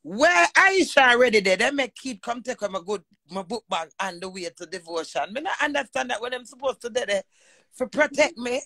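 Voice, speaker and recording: A high, gravelly-voiced woman. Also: a little fast, fairly bright tone, dry recording. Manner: preacherly, emphatic. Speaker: livestream host. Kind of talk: emotional live chat and prayer.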